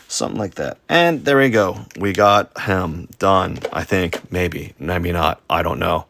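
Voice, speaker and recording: A man's voice: sits low, a little slow, gravelly, fairly bright tone. A man streaming a drawing session live, rambling and joking about his own work as he sketches. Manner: rambling, self-deprecating, with silly sound effects. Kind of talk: casual live-stream commentary while drawing.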